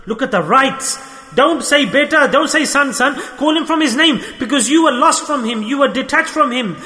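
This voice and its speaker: A man's voice: very high-pitched, lively intonation, moderate pace, pushed and bright. Impassioned preacher man in a reverberant hall. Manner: impassioned, repetitive, acts out quoted voices. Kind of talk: sermon.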